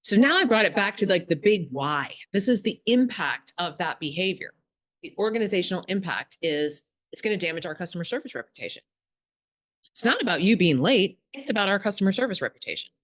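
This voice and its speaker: A woman's voice: mid-range voice, a little fast, no echo, clean studio sound. A woman speaking as a communication expert in an interview, explaining step by step and acting out bits of example dialogue. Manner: animated, acts out example dialogue.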